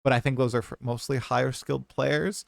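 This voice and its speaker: A man's voice: mid-range voice, fairly even intonation, brisk, gravelly, dry recording, studio quality. A man hosting a casual gaming podcast, chatty and hedging as he explains things at length. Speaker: podcast host.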